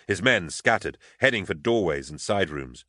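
A man narrating an audiobook in a steady, even storytelling manner, on a close studio mic. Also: sits low, normal speed, no room sound.

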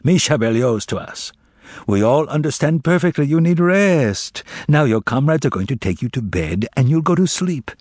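A man's voice: mid-range voice, animated, moderate pace, a little mellow, dry recording, clean studio sound, voice pushed up, close to an everyday voice. A man voicing a plump, clean-shaven official who speaks in a pompous, ceremonial manner. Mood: soothing. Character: well-fed soothing male official.

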